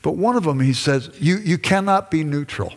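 A man's voice: fairly high pitch, expressive, normal speed. An older man giving a conversational lecture to a class, acting out bits of dialogue with his wife as he goes. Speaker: lecturer, former pastor. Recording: long reverb from a hall.

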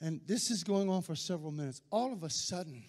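A man, a pastor giving an impassioned sermon that swells into shouting. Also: high-pitched, expressive, fast, long reverb tail.

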